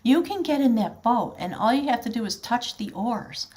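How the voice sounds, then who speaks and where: A woman's voice: a little high, lively intonation, moderate pace, darkish tone. Earnest woman giving a tarot reading. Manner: earnest, flowing, addresses the viewer directly. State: choked up with emotion at times. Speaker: tarot reader. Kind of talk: spiritual tarot reading to camera.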